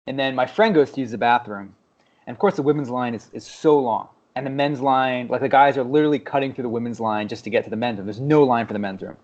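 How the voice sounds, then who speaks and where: A man's voice: medium pitch, fast talker. A man co-hosting a podcast, telling a story in casual chat, swearing and laughing as he goes. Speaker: podcast co-host. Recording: dull lo-fi podcast audio.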